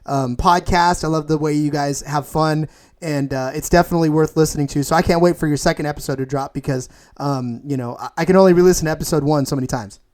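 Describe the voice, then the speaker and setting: Eager, slightly higher-voiced podcast host. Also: male voice, steady tone, darkish tone. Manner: enthusiastic, praising, halting restarts. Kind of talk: casual interview.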